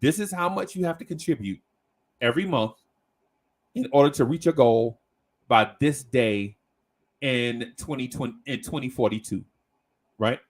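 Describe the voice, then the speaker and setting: A man hosting a casual podcast, telling a story in a slangy, animated way and checking in with "right?" as he goes. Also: medium pitch, normal speed, long pauses. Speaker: podcast host.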